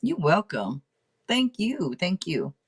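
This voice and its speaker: Brief: middle-aged woman, livestream tarot host, low-ish voice that swings up and down a lot, rambling self-talk. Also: very animated, slow pace, slightly rough. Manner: rambling, chatty, talks out loud to herself. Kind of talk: casual livestream tarot reading.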